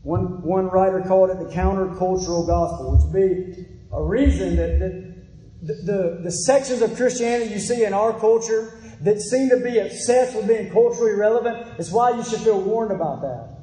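A man's voice: sits high, moderate pace, warm tone. A man preaching a sermon to a congregation, emphatic and repeating his points for weight. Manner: emphatic, repeats phrases, addresses the congregation directly. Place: church hall. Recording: echoey hall with long reverb.

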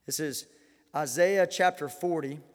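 A man preaching a sermon as pastor, impassioned, swinging from loud declarations to quiet asides and often repeating words. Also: a little high, unhurried. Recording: reverberant hall.

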